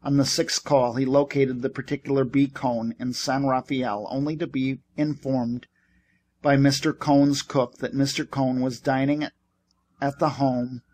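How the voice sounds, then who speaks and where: A man reading a novel aloud as an audiobook narrator. His voice sits at a middle pitch, and he tells the story at a steady, even pace. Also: slightly rough.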